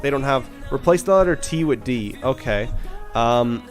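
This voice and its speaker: Male game streamer, mid-pitched, rapid chatty delivery, soft music bed underneath. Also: lively intonation. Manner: fast-talking, chatty, self-deprecating. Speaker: live streamer. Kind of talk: casual live-stream chat. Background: faint background beats.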